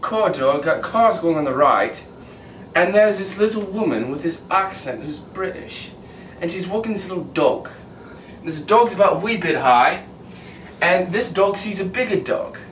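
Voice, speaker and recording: Young guy joking around in a travel vlog, high voice, bit far off in an echoey spot. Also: fairly bright tone, a little hiss or hum. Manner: goofy, storytelling, mock British slang. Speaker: co-host of a travel video. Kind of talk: casual joking chat.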